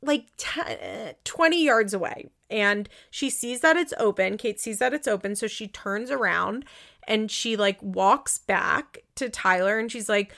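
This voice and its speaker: Chatty opinionated woman with a gravelly edge. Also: mid-range voice, a little slow, fairly bright tone. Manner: rambling, chatty, lots of "like" fillers; indignant, opinionated. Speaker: reality TV recap podcaster. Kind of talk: casual recap commentary.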